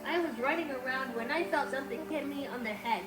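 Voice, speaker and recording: A woman's synthetic voice playing a small, anxious male robot in a storybook tale, soft and apologetic. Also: sits high, a little fast, over loud music, voice pushed up, natural voice, poor audio. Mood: worried.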